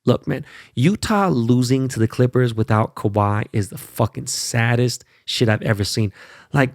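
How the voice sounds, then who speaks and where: Gravelly dude ranting on his podcast, cussing a lot, keeps going "right? okay?". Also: mid-range voice, moderate pace, no echo, clean studio sound. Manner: blunt, profane, fired-up, peppers lines with "right?" and "okay?". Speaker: podcast host. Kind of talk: profane casual monologue.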